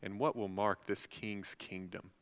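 A male pastor preaching a sermon, swelling to loud, passionate peaks. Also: lowish voice, steady tone, unhurried. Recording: long hall reverb.

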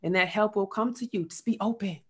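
A woman's voice: mid-range voice, brisk, breathy edge. A woman guest on a podcast, talking earnestly about faith and personal work, with casual slang. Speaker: podcast guest, sexual health coach. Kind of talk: casual spiritual chat.

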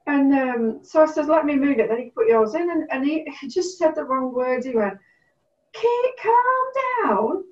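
A middle-aged woman telling stories in a casual chat, animated, acting out what people said. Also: sits high, brisk, hardly any pauses. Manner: animated storyteller, acts out quotes. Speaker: guest. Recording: distant, roomy, dull sound.

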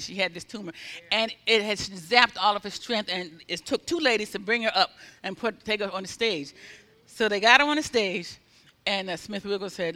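Very high, bright-voiced preacher man in a hall. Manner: animated, acts out quoted speech, builds to loud exhortation. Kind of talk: sermon storytelling. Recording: long hall reverb.

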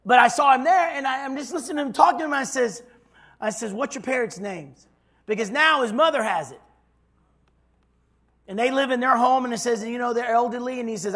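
A man preaching a sermon as pastor, telling a story and swinging from loud declarations to hushed tones. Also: extremely high pitch, moderate pace, pauses often, slightly rough.

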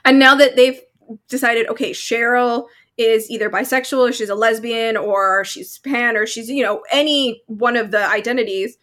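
A young woman co-hosting a podcast, talking casually and eagerly with lots of fillers. Her voice sits a little high. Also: steady tone, moderate pace, a bit bright. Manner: chatty, enthusiastic, with many fillers. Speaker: podcast co-host. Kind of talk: casual chat. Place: Vancouver.

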